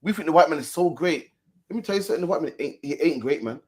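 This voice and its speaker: A man delivering a preachy religious monologue in an informal, mocking way. His voice sits a little higher than average, and he keeps tagging his points with "man". He repeats his lines for emphasis. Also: animated, quick pace. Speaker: street preacher. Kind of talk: religious street commentary.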